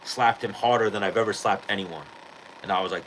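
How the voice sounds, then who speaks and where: A man's voice: lowish voice, a little fast, a bit bright, slight background noise, poor audio. A man hosting a podcast, telling a street-fight story in casual, profane chat and acting out the quotes. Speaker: podcast host.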